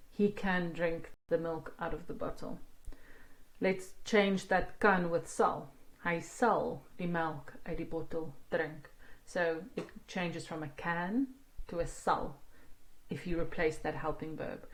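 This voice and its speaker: A woman gives a patient online language lesson. She talks slowly in a fairly low voice. She breaks every example down piece by piece and translates as she goes. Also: steady tone. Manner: slow, explaining each word and translating line by line. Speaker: Afrikaans language teacher.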